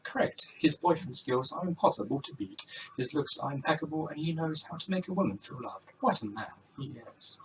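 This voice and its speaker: A man's voice: on the high side, expressive, fairly quick, recorded from a distance, a little hiss or hum, pitched above the performer's own voice, low-quality recording. A man doing a smug, Welsh-accented game-show host. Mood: fawning. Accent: put-on Welsh. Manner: mock-formal quizmaster patter.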